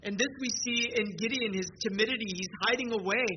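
Male pastor, high voice, earnest conversational sermon, repeats words, dull recording with noise behind. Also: fairly quick. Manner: earnest, conversational preaching with frequent word repeats.

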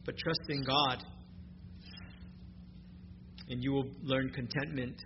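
A man's voice: mid-range voice, steady tone, takes it slowly. Emphatic preaching pastor, a man. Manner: emphatic preaching, rising in intensity on key phrases. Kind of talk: sermon. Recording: muffled recording with clear background noise.

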